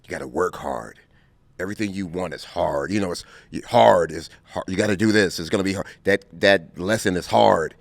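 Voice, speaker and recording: A man in his fifties from Compton, telling stories as an interview guest, animated and quick to laugh. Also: deep voice, creaky, no room sound. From Compton, California. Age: 50s. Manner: animated, laughing storyteller who acts out scenes. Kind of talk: casual interview storytelling.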